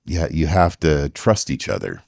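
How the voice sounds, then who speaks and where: A man co-hosting a podcast, chatting casually with his wife in a relaxed, joking way. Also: a bass voice, measured pace, creaky, no room sound, clean studio sound. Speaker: podcast co-host; teacher. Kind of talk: casual chat.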